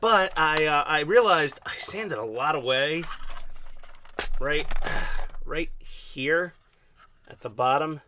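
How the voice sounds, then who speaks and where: A man's voice: fairly high pitch, expressive, takes it slowly, long pauses, background noise. A man from New York with a New York accent, chatting casually as he builds a scale model, rambling and self-mocking with many fillers. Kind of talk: casual workshop chat. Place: home hobby workbench.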